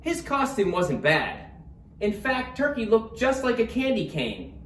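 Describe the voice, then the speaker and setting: Brief: man reading a bedtime story, slow and animated, roomy and off-mic. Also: high voice. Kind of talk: storybook read-aloud. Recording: roomy, distant, faint room noise.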